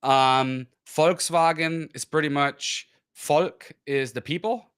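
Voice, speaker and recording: A man from Germany with a German accent, hosting a casual chat and slowly spelling out how words are said. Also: fairly high pitch, steady tone, clean tone. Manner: explains pronunciations slowly, self-aware about a loud voice. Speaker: host.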